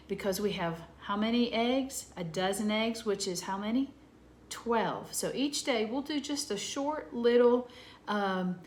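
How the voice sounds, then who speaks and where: A woman, gently teaching a lesson to young children from home. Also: mid-range voice, a little hiss or hum. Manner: gentle, slow, talking to children. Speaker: preschool teacher.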